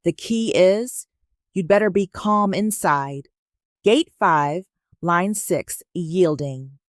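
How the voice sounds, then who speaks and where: A woman teaching in a measured, instructive spoken lecture. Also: lowish voice, no room sound, clean studio sound.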